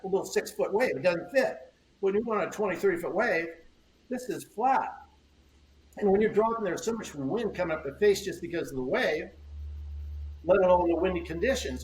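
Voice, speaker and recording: Older guy, board shaper, kinda high voice, rambles and repeats himself, echoey room. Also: a little hiss or hum. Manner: rambling, repeats words, acts out quoted exchanges. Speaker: surfboard shaper, podcast guest. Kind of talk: casual interview storytelling. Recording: roomy echo, faint ambience.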